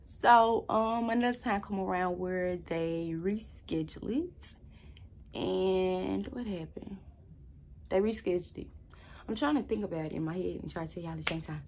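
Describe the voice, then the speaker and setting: Animated young woman telling a storytime. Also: on the low side, normal speed, a little hiss or hum. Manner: animated, addresses viewers as y'all, acts out quotes. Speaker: vlogger. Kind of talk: casual storytime to camera.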